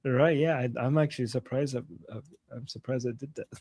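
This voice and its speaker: A man's voice: medium pitch, steady tone, brisk, a little mellow, no echo. A man co-hosting a casual livestream, giving blunt political opinions with frequent restarts. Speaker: political commentary co-host.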